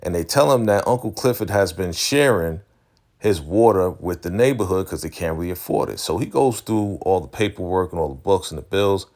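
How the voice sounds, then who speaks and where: A man casually recapping a TV episode, animated, loosely acting out the characters' lines and laughing often. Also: deep voice, fairly quick. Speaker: recap vlogger.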